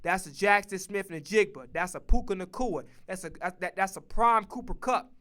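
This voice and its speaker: A streamer and sports commentator, this man has a high-sitting, somewhat bright voice and keeps a moderate pace. His casual football-picks rant is profane, emphatic, and repetitive.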